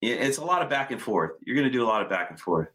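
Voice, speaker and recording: A man telling car stories in casual, profane, animated chat. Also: medium pitch, very fast.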